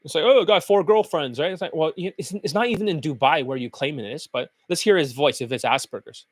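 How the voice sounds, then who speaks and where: A man's voice: on the high side, fast talker, no room sound. A man who coaches dating, talking in a blunt, crude and scornful rant. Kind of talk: profane ranting monologue.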